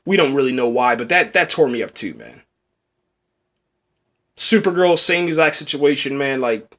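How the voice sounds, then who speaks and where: A man's voice: medium pitch, animated, moderate pace, long pauses, pushed and bright. A man reviewing a TV episode in casual, rambling talk, often saying "man", getting tearful as he speaks. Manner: rambling, says "man" a lot, restarts. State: tearful, choked up.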